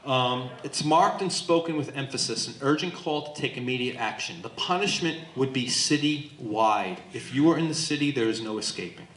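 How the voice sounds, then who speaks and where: A man leading a Bible study as pastor, teaching in an animated way and acting out the voices in the text to his group. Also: mid-range voice, normal speed, few pauses. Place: church hall with a small group. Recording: echoey room.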